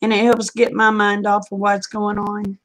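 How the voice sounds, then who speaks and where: A woman's voice: medium pitch, completely flat delivery, moderate pace, rough recording. A woman chatting casually on a live stream, folksy and drawling, greeting viewers by name.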